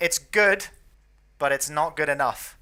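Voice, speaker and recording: A young, chatty, self-deprecating man from northeast Scotland hosts and commentates on a casual online match. His voice is a little high and unhurried, with crowd noise in the background.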